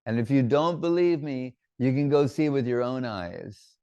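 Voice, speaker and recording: A man voicing a shrill, nagging old mother-in-law who scolds her son in a told story. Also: lively intonation, moderate pace, mellow, clean tone, muffled recording, lightly acted. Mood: scolding.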